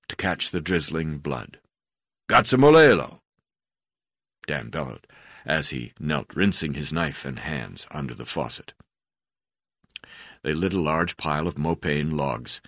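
Deep-voiced man reading a memoir. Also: dry recording, studio quality. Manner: steady reading with frequent hesitation fillers. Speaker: memoir narrator.

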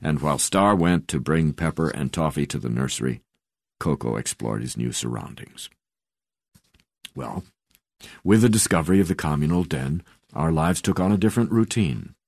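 A man reading a memoir aloud as an audiobook narrator, in a measured, unhurried way with soft drops in volume. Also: very deep voice, animated, creaky, no echo, studio quality.

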